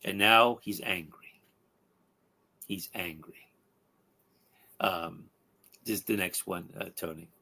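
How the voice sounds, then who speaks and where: A man hosting a podcast, retelling a comic book story in an animated way and checking in with his listeners. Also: sits low, slow, gravelly, long pauses. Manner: animated storyteller with tag questions. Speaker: podcast host.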